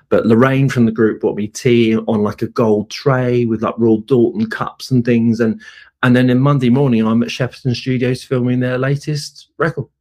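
A man, a podcast guest telling an animated story and acting out the voices. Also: medium pitch. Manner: animated, acts out voices in quotes. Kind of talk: storytelling anecdote.

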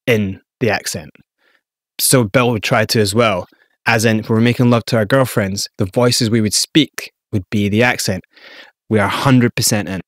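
A man from Scotland with a Scottish accent, telling a lively story as an interview guest and acting out the quotes. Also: mid-range voice, no room sound, clean studio sound. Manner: animated storyteller, acts out quotes.

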